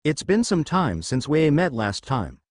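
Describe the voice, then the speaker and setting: A man's voice: on the high side, very animated, a little slow, no room sound, studio quality. A man voicing a cheerful, flirtatious adult woman hero with a teasing, playful manner, in a storybook reading.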